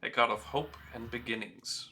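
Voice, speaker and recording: A man narrates a fantasy tabletop game as its game master. His voice is strikingly bright and forceful, and he describes halls and characters in a relaxed, descriptive way, with fillers now and then. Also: mid-range voice, moderate pace, a little hiss or hum.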